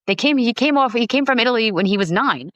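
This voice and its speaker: A woman in her forties from Long Island, New York, telling her story as a podcast guest in a lively, chatty way, full of fillers. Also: a little high, fast, no echo, highs cut off. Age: 40s. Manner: animated, acts out quoted dialogue, many fillers. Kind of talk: casual storytelling interview.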